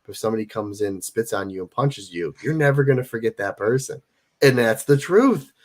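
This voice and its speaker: A man in his forties with a fairly low voice speaks as an interview guest. He talks emphatically and hammers points home by repeating them. It is loose, casual conversation. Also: animated, brisk. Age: 40s. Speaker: guest wrestler.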